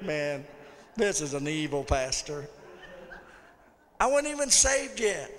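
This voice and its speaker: A man's voice: sits high, sharp tone. A man preaching a sermon as pastor, telling folksy stories and calling out to the congregation. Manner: folksy storytelling with audience call-outs. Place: church sanctuary. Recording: long church hall reverb.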